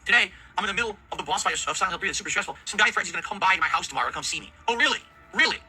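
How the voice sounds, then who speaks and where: A man's voice: high-pitched, racing, sharp tone, low-quality recording. A man streaming from his home setup, ranting angrily, swearing heavily and sounding exasperated. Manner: heavily profane, exasperated, rants. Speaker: video game streamer. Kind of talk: angry ranting commentary.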